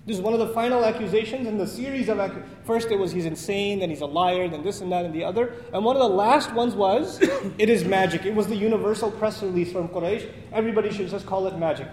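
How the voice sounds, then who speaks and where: A man preaching a sermon in a mosque, telling a story with lively acted dialogue and chuckling at his own lines. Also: high-pitched, quick pace, hardly any pauses. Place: mosque prayer hall. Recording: echoey hall with faint noise.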